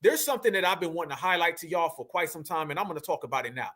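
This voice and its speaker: High, bright-voiced man ranting to viewers. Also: lively intonation, very fast. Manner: emphatic, preachy, slang-heavy, addresses audience as family. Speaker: commentary host. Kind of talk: reaction commentary to clips.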